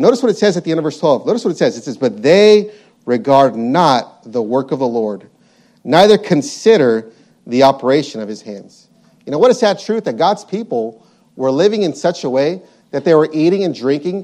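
A man's voice: a little high, dark tone. A man preaching a sermon, reading scripture aloud and repeating his points with emphasis.

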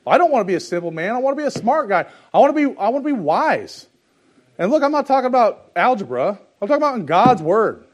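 A fervent male preacher with a high-pitched voice delivers a sermon. He reads scripture in old-fashioned wording, then talks to the congregation plainly and with humour, swinging from hushed, confiding asides to loud, rousing exhortation. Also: very animated, fast. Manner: plain-spoken and joking, laughs at his own asides. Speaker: pastor.

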